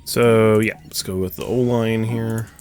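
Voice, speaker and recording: A man's voice: fairly low pitch, steady tone, a little slow, a little mellow, smooth, soft background music. A young man commentating his own card game play, ranting and swearing as his frustration builds. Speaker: gaming streamer. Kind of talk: gameplay commentary.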